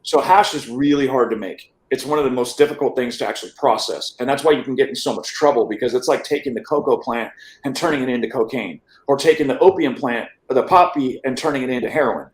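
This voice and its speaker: A man's voice: mid-range voice, quick pace, roomy sound, low-quality recording. A man being interviewed, telling a long personal story in a casual way, acting out what people said and restarting phrases now and then. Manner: animated, acts out quotes, some stammered restarts. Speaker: interview guest.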